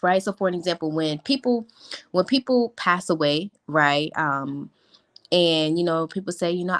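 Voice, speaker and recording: A young adult woman coaching on a live stream, talking in an animated way and leaning hard on positive words. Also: fairly low pitch, normal speed. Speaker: life coach.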